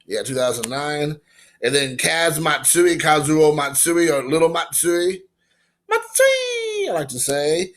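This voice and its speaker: A man in his forties from Indiana, excitedly opening and showing baseball cards in a casual, rambling vlog. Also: on the high side, unhurried. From Indiana, USA. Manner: excited, emotional, rambling with fillers. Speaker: baseball card collector vlogger.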